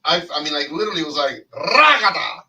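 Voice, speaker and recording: Bright-voiced man joking around, mic off at a distance. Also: on the high side, racing. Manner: animated storyteller who slips into silly voices. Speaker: podcast co-host. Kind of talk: joking casual chat.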